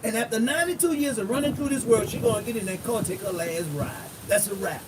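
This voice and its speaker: A pastor giving a loose, emphatic sermon recap, blunt and repetitive. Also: male voice, high voice, fast. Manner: emphatic, repetitive, blunt street-style preaching. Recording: distant mic with noisy background.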